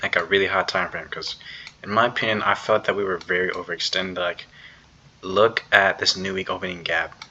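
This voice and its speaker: A man's voice: low voice, fairly quick, creaky, pushed and bright. A young man giving a casual, rambling recap of his trading day at his computer, full of fillers and slang. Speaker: day trader. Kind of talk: casual screen-recorded trade recap. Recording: slightly dull, faint background noise.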